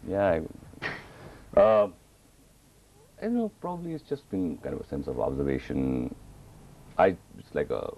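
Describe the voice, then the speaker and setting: A man chatting casually as an interview guest, animated and slipping between voices. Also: low voice, normal speed, gravelly, long pauses, a little hiss or hum. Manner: animated, mimicking and mixing in Hindi. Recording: dull lo-fi TV audio.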